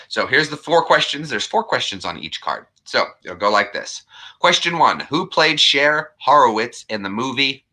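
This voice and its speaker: Bright, chatty man hosting a live stream. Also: fairly low pitch. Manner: rambling, chatty, greets viewers by name. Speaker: livestream host. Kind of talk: casual live chat.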